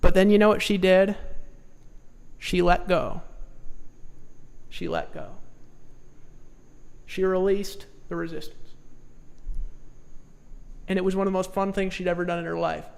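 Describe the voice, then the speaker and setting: Man, motivational sales talk, high gravelly voice, hushed to loud, echoing hall. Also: little pitch movement, a little slow, long pauses. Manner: pushy, swings from hushed to loud exhortation; repeats short commands. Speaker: sales trainer. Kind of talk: motivational seminar speech.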